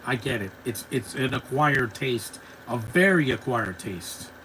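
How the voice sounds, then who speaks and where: A man talking through a live-stream reaction in a loose, rambling way, drifting between remarks and replies to his chat. His voice sits at an ordinary middle pitch, and a faint hum of noise runs underneath. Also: measured pace, bright, forceful tone, poor audio. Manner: chatty, rambling, laughs easily, talks back to chat. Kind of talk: casual reaction commentary.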